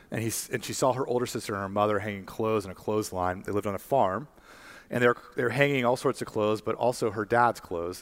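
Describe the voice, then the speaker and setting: A man preaching a sermon and telling a story, slowing on key words and building to fervent emphasis. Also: lowish voice. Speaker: pastor.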